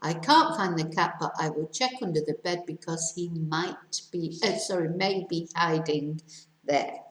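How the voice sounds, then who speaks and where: A British woman teaching English, reading quiz sentences aloud slowly and carefully with countdowns. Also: fairly low pitch, echoey room, low-quality recording. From Britain. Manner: careful slow dictation with countdowns.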